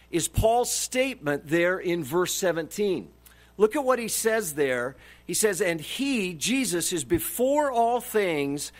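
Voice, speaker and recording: A man preaching a sermon, emphatic and repeating his key phrases for stress. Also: high voice. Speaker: pastor.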